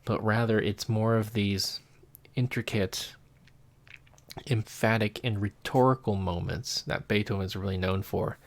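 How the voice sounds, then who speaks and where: A man's voice: lowish voice, fairly even intonation, unhurried. A man giving a casual music analysis lesson, talking with enthusiasm and sometimes humming melodies while a piano plays. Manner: enthusiastic, talks over piano playing, scats melodies aloud. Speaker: music lecturer. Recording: faint piano music behind.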